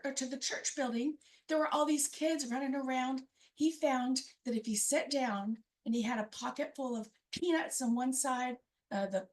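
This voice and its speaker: A woman telling a personal story about her family at a live storytelling event, conversational and wry. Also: high voice. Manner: conversational, wry, acts out family members' quoted lines.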